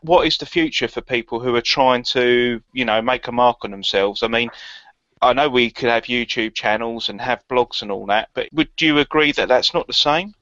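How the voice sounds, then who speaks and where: A man's voice: mid-range voice, normal speed, pushed and bright, no room sound. A man, an interviewer who asks long, winding questions and thinks aloud as he goes. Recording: dry, dull lo-fi sound.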